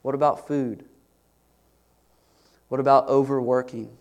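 A pastor preaching a sermon, earnest and building to emphatic questions. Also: male voice, medium pitch, level tone, measured pace.

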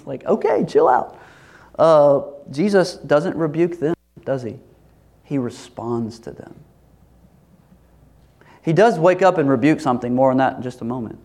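A pastor preaching a sermon in a lively, animated way, acting out voices as he tells the story. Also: mid-range voice, a little slow, long pauses. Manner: animated, acts out quoted voices, laughs.

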